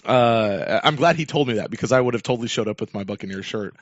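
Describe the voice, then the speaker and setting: A man's voice: fairly low pitch, fast talker, no echo. A man hosting a sports podcast, telling a long story in a rambling casual way, full of fillers and restarts. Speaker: podcast host. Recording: dull lo-fi dry sound.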